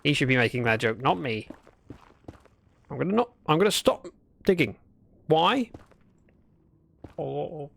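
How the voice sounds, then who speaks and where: A man's voice: on the high side, very animated, measured pace, gravelly, pauses often, fairly bright tone, slightly rough, dry recording. A man chatting through a gameplay livestream, talking to himself and greeting viewers. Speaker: streamer. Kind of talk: casual gameplay livestream commentary.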